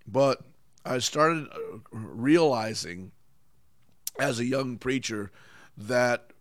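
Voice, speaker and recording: Middle-aged preacher, emphatic sermon delivery, plain dry close sound. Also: male voice, mid-range voice, very slow, no room sound. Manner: emphatic preaching with repetition and call-outs.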